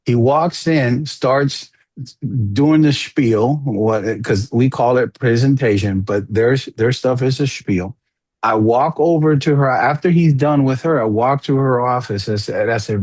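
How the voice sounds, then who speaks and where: Husky man telling a story, chatty. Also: medium pitch, unhurried, no echo. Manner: chatty, animated retelling with many restarts. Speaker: team member sharing a story. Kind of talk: casual storytelling on a group call.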